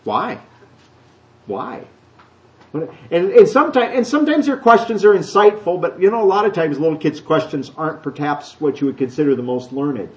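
A middle-aged man preaches in a loose, conversational way. His voice sits slightly high and comes through a dull, lo-fi church recording. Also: fairly quick, hardly any pauses. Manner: conversational, animated, acts out children's voices. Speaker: pastor. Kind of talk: sermon.

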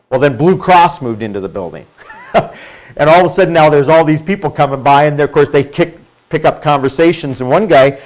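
A man teaching a Bible class in a casual, conversational way, acting out quoted people in higher voices. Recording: dull lo-fi room recording.

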